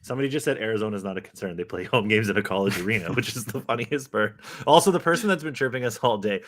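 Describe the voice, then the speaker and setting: A man co-hosting a casual live podcast, joking around and getting excitable, with casual swearing. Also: fairly low pitch, fast talker. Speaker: podcast co-host.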